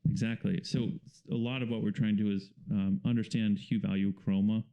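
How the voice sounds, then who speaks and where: A man, a painter and the guest, talking casually in an interview and explaining things in a relaxed, rambling way with fillers. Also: fairly low pitch, fairly quick, creaky, muffled recording.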